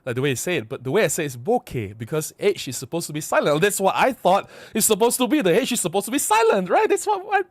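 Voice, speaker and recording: A man's voice: sits high, fast talker, few pauses, no echo. A man vlogging casually to camera, rambling and repeating himself as he explains. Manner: rambling, repeats words, animated.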